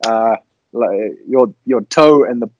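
A man's voice: medium pitch, slow pace, darkish tone, dry recording, lo-fi sound. A man with a South African accent, a podcast guest chatting in a laid-back, self-deprecating way over a video call. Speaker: podcast guest, fishing guide.

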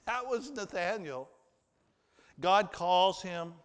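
A male pastor delivers a sermon, chatting with his listeners and asking them questions. His voice sits a bit high. The hall around him adds a long, trailing reverb. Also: lively intonation, slow pace, fairly bright tone, clean tone. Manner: conversational, asks the congregation questions, acts out quotes. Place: church hall with an audience.

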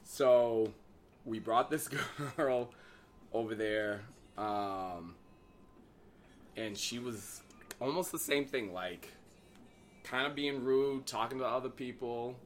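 A man in casual chat, telling his own dating story in a relaxed way. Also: medium pitch, slow, long pauses, soft background music. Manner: relaxed, reactive, trades his own stories.

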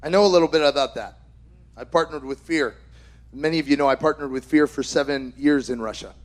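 A middle-aged man preaching a sermon with impassioned exhortations, rising to shouts. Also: a little high, fairly quick.

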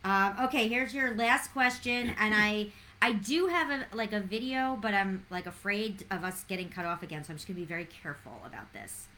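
A woman hosting a casual trivia segment, chatty and excitable, calling on listeners by name. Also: medium pitch, a little fast. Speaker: trivia host.

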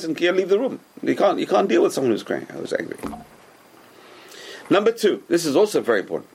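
Fast, gravelly rabbi teaching a class. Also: male voice, on the high side. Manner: animated, repetitive, asks and answers his own rhetorical questions. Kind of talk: Torah class lecture.

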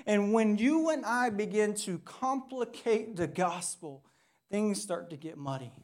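A woman's voice: medium pitch, expressive, a little slow, a little mellow. A woman pastor from the United States preaching a sermon in a conversational style, often checking in with "right?".

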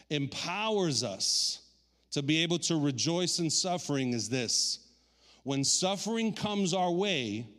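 A man preaching a sermon as pastor, animated, acting out quoted voices and dropping low and quiet for inner thoughts. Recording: long hall reverb.

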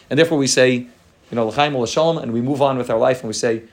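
A man teaching a Torah class at a rapid clip. He reads short Hebrew passages and then explains them in English, often restarting and repeating words. His voice sits at an ordinary middle pitch. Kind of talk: Torah class on a Hasidic text.

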